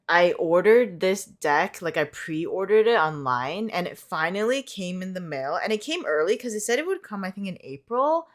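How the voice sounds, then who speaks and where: Low-voiced, excitable young woman rambling. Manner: rambling, excitable, swears casually. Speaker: tarot card reader. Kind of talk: casual chatty vlog.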